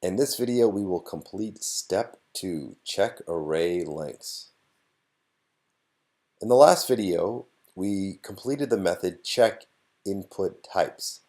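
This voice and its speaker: Deep gravelly man teaching code. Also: lively intonation, takes it slowly, warm tone. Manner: explains step by step with frequent fillers. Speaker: programming course instructor. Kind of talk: screen-recorded coding tutorial.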